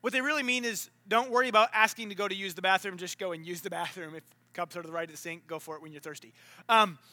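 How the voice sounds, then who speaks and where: A man preaching a sermon in a relaxed, conversational way, full of asides and filler words. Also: sits high, fast, no room sound. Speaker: pastor. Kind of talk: casual sermon storytelling.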